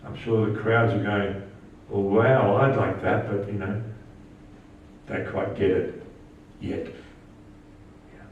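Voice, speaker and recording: Male pastor, animated sermon delivery, heard from a distance in an echoey church, slightly dull sound. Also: takes it slowly, long pauses, a little hiss or hum. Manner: animated preaching, rising pitch on quoted lines.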